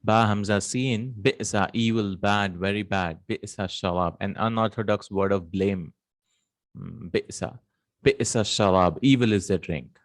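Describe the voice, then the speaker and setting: A man teaching Arabic vocabulary in a relaxed spoken lesson, thinking aloud with hums and repeats and reciting verses quickly. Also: lowish voice.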